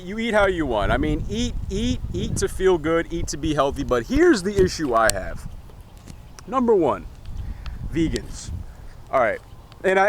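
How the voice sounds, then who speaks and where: A man's voice: on the high side, a little hiss or hum. A man vlogging in a rambling, profane, jokey way, recorded outdoors in a city. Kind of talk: casual opinion vlog.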